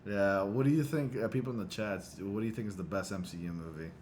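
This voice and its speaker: A man hosting a casual livestream chat on a studio condenser mic, animated and laughing often. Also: lowish voice, fast talker, slight background noise. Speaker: livestream host.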